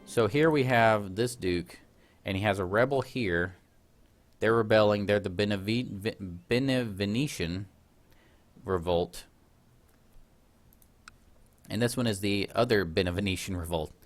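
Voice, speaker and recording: A man's voice: fairly low pitch, unhurried, long pauses. Chatty man narrating his strategy game. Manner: chatty, self-deprecating, laughs at himself. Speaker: let's play host. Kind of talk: casual gameplay commentary.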